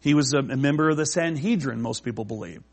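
A man preaching a casual, conversational sermon, slowing to read scripture and often restarting his sentences. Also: medium pitch, husky. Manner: slows down to read scripture aloud. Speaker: pastor.

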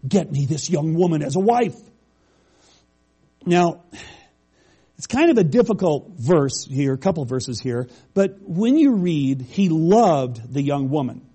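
A man's voice: a little high, mellow, breathy edge. A middle-aged male pastor preaching a conversational sermon, reading scripture aloud and explaining it plainly.

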